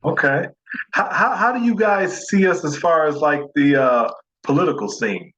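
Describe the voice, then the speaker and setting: A man's voice: a little high, expressive, normal speed, a bit bright, highs cut off. An American man hosting a casual video-call interview, curious and easygoing, often repeating words as he starts a sentence. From United States. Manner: curious, easygoing, stammers on restarts. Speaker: interview host.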